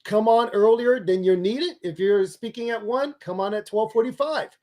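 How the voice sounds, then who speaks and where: Man with a pretty high voice, punchy coach-style delivery, pushing every point hard. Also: normal speed. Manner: energetic, emphatic coaching delivery. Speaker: public speaking expert and author. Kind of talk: giving advice in an interview.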